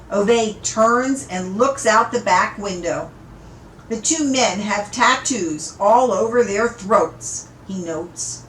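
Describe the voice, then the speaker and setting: A woman reading a novel aloud in an unhurried, amused storytelling manner, in an echoey room. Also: medium pitch, fairly bright tone, slight background noise. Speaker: audiobook reader. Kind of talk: read-aloud story narration.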